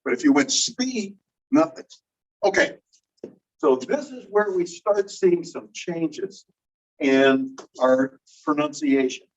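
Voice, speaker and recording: A man lectures a class in an explanatory way, pausing to put questions to the students. His voice sits a little high for a man. He is heard from away from the microphone, and the recording sounds dull. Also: animated. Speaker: teacher. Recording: distant, dull room recording.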